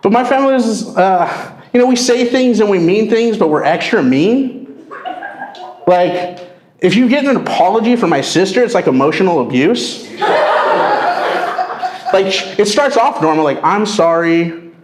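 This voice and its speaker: A man works a comedy club stage, telling his set with an animated, swinging delivery and dry punchlines. His voice sits high and jumps around a lot. The room rings around him, and a crowd laughs audibly. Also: moderate pace, pauses often, roomy sound. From Mexican-American family. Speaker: stand-up comedian.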